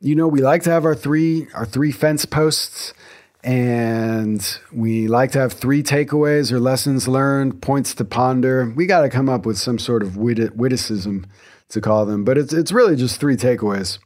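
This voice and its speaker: A man's voice: medium pitch, unhurried, darkish tone. A man in his thirties hosting a solo podcast from his home garage, talking casually, eagerly and with lots of restarts. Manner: enthusiastic, rambling, self-interrupting. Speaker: podcast host.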